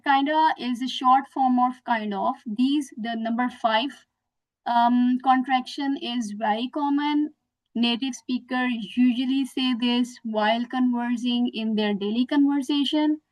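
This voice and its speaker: A woman's voice: high voice, measured pace, rough recording. A young woman teaching an online lesson, explaining patiently with many examples. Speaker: English teacher.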